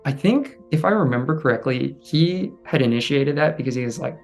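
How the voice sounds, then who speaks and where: A man with an ordinary, mid-range voice tells a personal story as an interview guest. He speaks softly and haltingly, leaning on fillers and restarting his sentences. Faint music plays quietly behind him. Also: mid-range voice, lively intonation, gravelly. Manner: halting, soft-spoken, many fillers.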